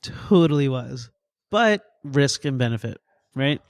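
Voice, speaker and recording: A man in his thirties, a paramedic and emergency physician, telling a story in a podcast interview with goofy, animated energy and acted-out quotes. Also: mid-range voice, a little slow, no room sound, clean studio sound. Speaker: paramedic and EMS physician guest.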